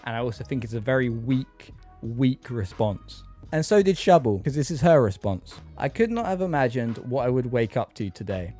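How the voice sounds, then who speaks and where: A man's voice: mid-range voice, darkish tone. A man giving frank, casual reaction commentary, swearing now and then. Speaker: commentary YouTuber.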